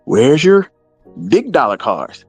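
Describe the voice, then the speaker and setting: A man telling a story in a profane, animated, mocking way, as a trading mentor talking to his audience. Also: fairly high pitch, slow pace, husky, no room sound, soft background music. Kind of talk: casual storytelling monologue.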